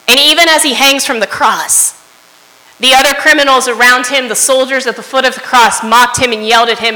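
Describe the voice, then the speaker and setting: A woman's voice: sits high, bright, forceful tone. A woman preaching a sermon in an earnest way, often asking her listeners "right?" as she goes. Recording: long hall reverb.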